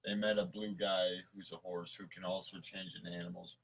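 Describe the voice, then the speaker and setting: A man's voice: low-pitched, level tone, fairly quick, a little hiss or hum, poor audio. A man co-hosting a casual chat, tipsy, rambling and goofy, reading from a list between jokes. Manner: rambling, goofy, laughs often, swears. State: tipsy from mead. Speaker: podcast co-host.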